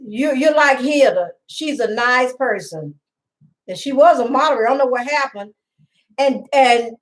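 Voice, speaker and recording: A middle-aged woman with a high, slightly bright voice hosts a casual live stream from home, rambling and chatting, greeting viewers by name and laughing a lot. The audio quality is poor.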